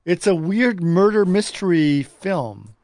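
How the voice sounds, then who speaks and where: A man's voice: high voice, big pitch swings, slow, a little mellow, dry recording. A man in casual movie chat who halts and searches for words when groping for a title.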